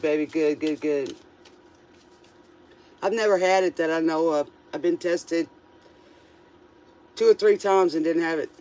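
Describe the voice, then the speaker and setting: A woman's voice: lowish voice, a little mellow. A woman hosting a live tarot stream, chatting casually with viewers and laughing often.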